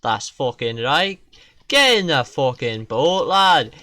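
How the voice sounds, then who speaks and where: Game streamer, casual profane rants, mid pitch, animated swoops in delivery. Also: slow, dry recording. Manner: profane, ranting, self-mocking. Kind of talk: casual gaming-stream rant.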